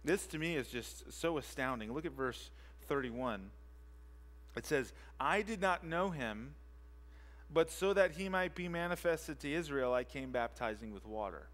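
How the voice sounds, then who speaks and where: A man who is a pastor, preaching a sermon with emphatic repetition and rhetorical questions, moving between quiet and loud for emphasis. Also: on the high side, animated, unhurried. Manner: emphatic, repeats key phrases and asks rhetorical questions. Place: church sanctuary.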